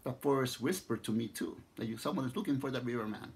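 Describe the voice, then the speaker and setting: A man with a Mexican accent narrates a legend at a relaxed pace. His voice sits in the middle range, and he often circles back and restarts his phrases as the story unfolds. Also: gravelly, slightly rough. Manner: unhurried, repeats and restarts phrases, voices the figures with rising pitch. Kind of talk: spoken storytelling.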